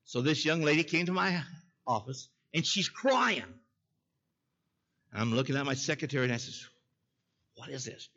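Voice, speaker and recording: Bright-voiced preacher. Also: male voice, fairly high pitch, lively intonation, moderate pace, long pauses, highs cut off. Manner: folksy, calls out to the congregation. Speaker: pastor. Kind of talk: sermon with storytelling.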